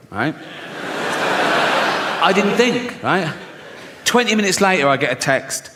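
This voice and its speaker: A man doing stand-up in a big theatre, his voice sitting a bit high as he giggles through his own punchlines. The room rings with a long echo. Loud audience laughter and a busy background fill the recording. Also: unhurried, long pauses, heavy background noise. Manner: laughing at his own jokes, swearing, acting out bits. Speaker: stand-up comedian. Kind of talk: stand-up comedy set. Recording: live hall recording with loud crowd laughter.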